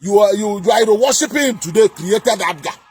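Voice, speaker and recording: A man delivering an angry political rant, shouting, scolding and repeating himself. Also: high-pitched, fairly quick, breathy edge, faint music behind. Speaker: political commentator.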